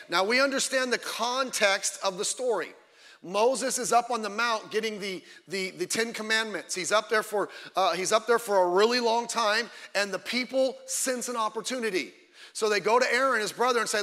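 Fiery high-voiced preacher in an echoing church. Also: male voice, moderate pace, pushed and bright. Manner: fiery, emphatic preaching with frequent asides. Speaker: pastor. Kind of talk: sermon.

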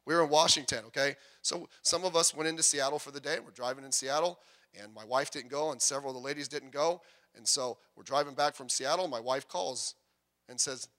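An older man preaches from the pulpit, weaving in personal stories. His voice is bright and pitched a little high. He swings from loud emphasis to quiet, confiding asides. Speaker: pastor.

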